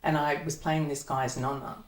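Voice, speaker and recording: A woman's voice: deep voice, little pitch movement, normal speed. A woman, an actor, chatting as a guest in an interview, rambling and laughing often. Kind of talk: casual interview chat. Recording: echoey room, mic at a distance, faint noise.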